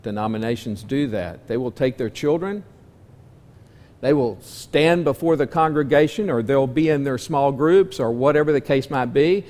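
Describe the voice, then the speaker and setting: A man teaching a church class in a folksy sermon style, asking his listeners many questions and moving between loud and soft delivery. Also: mid-range voice, moderate pace. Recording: long hall reverb.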